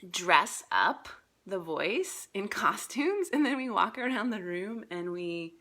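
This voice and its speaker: A woman's voice: medium pitch, sing-song, slow pace, bright, forceful tone. A woman coach talking casually on a live group call, chatty, laughing often, with many fillers. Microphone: phone.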